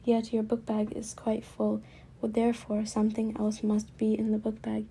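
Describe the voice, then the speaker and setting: A woman's voice: a little high, completely flat delivery, normal speed, dark tone, husky. A woman reading the lines of an odd schoolboy who speaks in a fake British accent like a mock detective. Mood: mock-serious.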